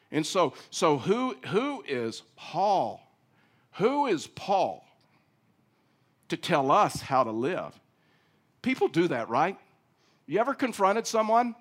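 A man preaching a sermon, swinging from emphatic, loud stretches with acted-out quotes down to low, quiet ones. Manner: rising to emphatic, acting out quoted voices, then dropping low and quiet. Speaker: pastor.

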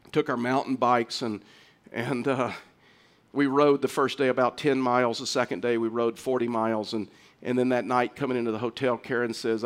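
A middle-aged man preaching a sermon, earnest and conversational, often restarting his sentences. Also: medium pitch. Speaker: pastor.

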